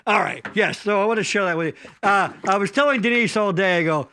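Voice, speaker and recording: A man's voice: high-pitched, bright, forceful tone, slight background noise. A man co-hosting a casual live stream, rambling, swearing a lot and laughing easily. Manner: profane, rambling, quick to laugh. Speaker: co-host.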